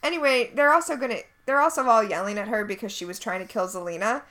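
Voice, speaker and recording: A woman's voice: on the high side, fast, a bit bright. A woman co-hosting a podcast, recapping a TV episode in casual chat, blunt and sarcastic. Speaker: podcast co-host.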